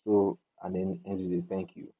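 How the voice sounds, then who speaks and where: A man's voice: low voice, level tone, moderate pace. A man casually walking through a video editing tutorial, thinking aloud as he goes and restarting his sentences. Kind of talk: casual screen-recorded tutorial. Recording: tinny phone-like audio.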